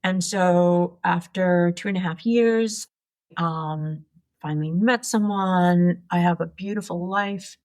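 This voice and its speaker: A woman's voice: lowish voice, takes it slowly. A woman in her sixties, an entrepreneur guest, telling her life story frankly and with animation in an interview. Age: 60s. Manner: frank, animated, swears casually.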